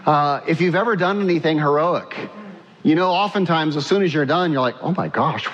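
A man's voice: a little high, fairly quick, a bit bright, big-room sound, dull audio. A man preaching a sermon in a conversational way, asking his congregation questions and repeating himself as he goes. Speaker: pastor.

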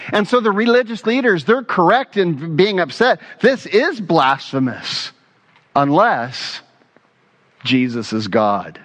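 A man preaching a sermon as pastor, telling stories in an earnest, animated way with casual asides. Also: fairly high pitch.

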